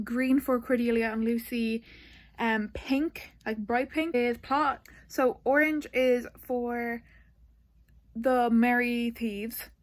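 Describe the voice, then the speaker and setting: A chatty woman talking through her reading in a casual vlog. Her voice sits a little high, and she gushes one moment and groans in exasperation the next. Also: poor audio. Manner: chatty, excitable, gushing and exasperated asides. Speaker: book vlogger.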